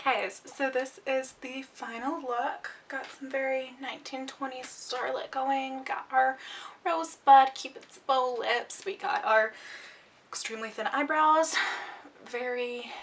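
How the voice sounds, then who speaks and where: Excitable woman raving about a book mid makeup, kinda breathless, bright voice, mic sits a bit far off. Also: high-pitched, slight background noise. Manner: gushing, excitable, lots of fillers and restarts. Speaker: book reviewer and makeup vlogger. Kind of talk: casual enthusiastic book review while doing makeup.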